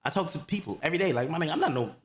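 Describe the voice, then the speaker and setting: A man hosting a livestream, telling a heated story in an animated, profane, repetitive way. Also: fairly high pitch, racing. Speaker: livestream host.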